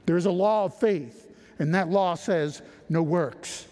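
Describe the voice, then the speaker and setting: Man preaching a sermon, slow and emphatic, lots of rhetorical questions, echoey hall. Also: high-pitched, a little mellow. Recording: reverberant hall.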